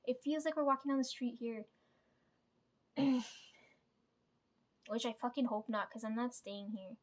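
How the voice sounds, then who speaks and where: A woman's voice: fairly high pitch, steady tone, unhurried. Rambling woman retelling a dream. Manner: rambling, fillers like "right?" and "like"; swears casually. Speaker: vlogger.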